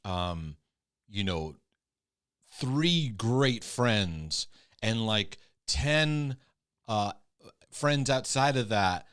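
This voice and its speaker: A man hosting a podcast, talking casually in quick bursts, often repeating words as he thinks. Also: fairly low pitch, animated, fairly bright tone, clean tone, dry recording, clean studio sound. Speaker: podcast host. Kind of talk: casual conversation.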